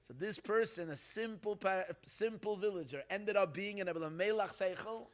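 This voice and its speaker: A man, a rabbi, telling stories at a gathering in an animated, halting way, with many restarts. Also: high-pitched. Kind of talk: storytelling talk.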